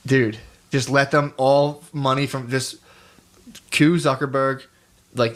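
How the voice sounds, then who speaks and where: A man's voice: mid-range voice, steady tone, a little slow, fairly bright tone. A man co-hosting a comedy podcast, rambling in casual chat, swearing and laughing often. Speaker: podcast co-host.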